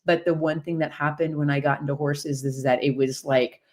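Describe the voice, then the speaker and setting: A woman in her fifties casually telling a personal story, rambling and animated, with lots of fillers and laughter. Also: low voice, fairly quick. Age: 50s. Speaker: horse-based coach and community host.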